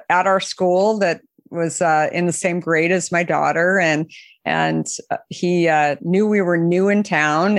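A woman founder being interviewed, who tells long anecdotes full of fillers and restarts and raises her pitch when she quotes other people. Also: no echo, clean studio sound. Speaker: company founder, guest. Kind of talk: interview storytelling.

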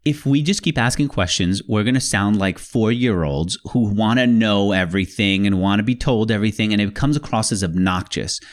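A man speaking as an interview guest, explaining his ideas in an emphatic, conversational way. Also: on the low side.

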